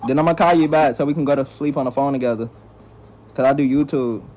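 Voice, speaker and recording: A young man, a YouTuber, trolling a stranger on a video call in a loud, joking way, repeating his lines. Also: medium pitch, fast talker, a little hiss or hum. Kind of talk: casual video-chat trolling. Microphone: phone on video call.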